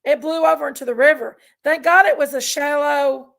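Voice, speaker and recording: A woman's voice: high-pitched, fairly even intonation, normal speed, creaky, fairly bright tone. A woman hosting a casual live stream, chatting with viewers in an effusive, rambling way. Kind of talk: casual live chat reading comments.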